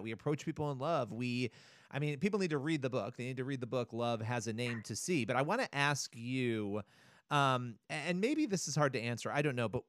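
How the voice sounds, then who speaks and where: A man's voice: medium pitch, no room sound, clean studio sound. A man hosting an interview, asking long, casual, rambling questions. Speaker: interview host.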